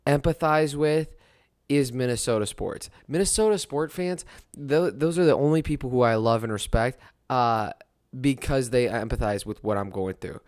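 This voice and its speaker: A man's voice: mid-range voice, normal speed, a little mellow, no room sound. Man, young adult, sports podcast host, rambling and rueful, dry close sound. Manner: rueful, rambling, laughs at his own misery. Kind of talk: casual sports talk monologue.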